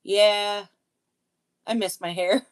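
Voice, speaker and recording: A woman hosting her own live stream, talking in an unhurried, easygoing way. She chats casually with viewers, pokes fun at herself and breaks into laughter often. Her voice sits at an ordinary middle pitch. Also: fairly even intonation, clear, resonant tone. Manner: chatty, self-deprecating, laughs often.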